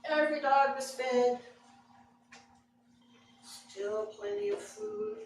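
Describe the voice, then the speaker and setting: A woman with a high-sitting voice tells a story slowly to a live audience, acting out the scene expressively with different voices. The far-off mic catches a very echoey room with a little hiss or hum, room ambience and audience laughter.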